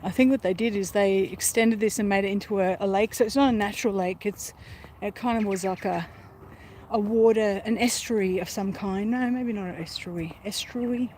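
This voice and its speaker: A woman's voice: medium pitch, steady tone, fairly quick, a little mellow. A woman rambling casually to viewers as she walks through a park, filming on her phone. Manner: chatty, rambling, easily distracted. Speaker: vlogger. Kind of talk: casual live-stream walk. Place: outdoors in a park. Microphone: phone held while walking. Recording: faint outdoor background noise.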